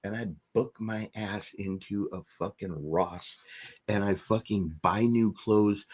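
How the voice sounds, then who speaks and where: Husky low-voiced man telling a wild story. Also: slow pace. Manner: profane, animated storyteller who acts out quotes. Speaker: podcast host. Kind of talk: casual storytelling.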